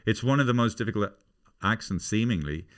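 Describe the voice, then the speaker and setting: A man's voice: on the low side, brisk. A man with an Irish accent hosting a comic podcast, chatting and slipping into voices. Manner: animated, breaks into character voices. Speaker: podcast host.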